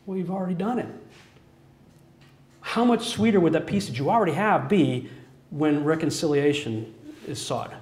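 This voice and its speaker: A man's voice: a little high, animated, moderate pace, long pauses, a little mellow. A man giving an earnest personal testimony as a sermon, telling his story with frequent chuckles. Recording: echoey room.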